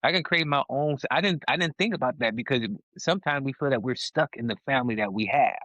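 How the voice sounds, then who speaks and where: With a medium-pitched, slightly bright voice, a man co-hosting a podcast talks fast and emphatically, frequently restarting sentences as he heats up in casual conversation. There's no room sound, and the audio is dull, lo-fi and dry.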